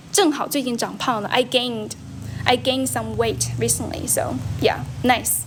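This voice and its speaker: A woman's voice: fairly high pitch, slight background noise. Chatty young woman livestreaming. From China. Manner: switches between English and Mandarin, repeats and self-corrects. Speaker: livestream host, English teacher. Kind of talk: casual livestream chat answering comments. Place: friend's house.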